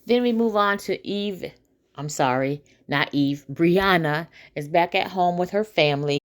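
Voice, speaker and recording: Chatty woman with a lowish voice. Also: measured pace. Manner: chatty, many um fillers, asides to viewers. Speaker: TV episode recap host. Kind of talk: casual spoken recap.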